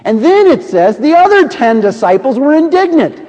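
A man with a high, ringing voice delivers a sermon from the pulpit. He tells stories with drama, dropping to a hush and then building back up. A long hall reverb trails every phrase. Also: very animated, normal speed, muffled recording. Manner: storytelling, dramatic swings from booming to hushed. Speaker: preacher.

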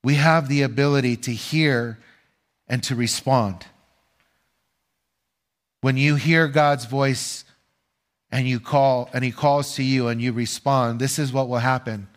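With a medium pitch and fairly even intonation, an older pastor delivers a sermon in an earnest, measured way. He throws rhetorical questions to his listeners and pauses for responses.

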